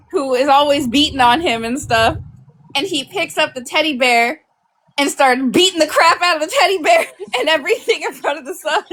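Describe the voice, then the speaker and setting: A woman's voice: high voice, a bit bright, rough recording. A woman in casual chat, recounting funny clips and reacting with giggles.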